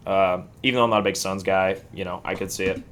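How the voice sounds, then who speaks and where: A man's voice: deep voice, fairly even intonation, fast talker, a bit bright, clean tone. A man co-hosting a sports podcast in casual chat, rambling and jokey, often poking fun at himself. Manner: rambling, jokey, self-deprecating. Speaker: podcast co-host.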